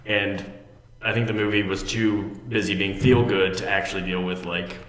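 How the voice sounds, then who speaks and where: A man with a lowish voice talks movies in a loose, opinionated way, mocking what he dislikes. The sound carries a long, roomy reverb. He comes across as a sarcastic co-host. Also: flat delivery, normal speed, fairly bright tone. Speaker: podcast co-host. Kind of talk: casual movie chat. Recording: echoey room with long reverb.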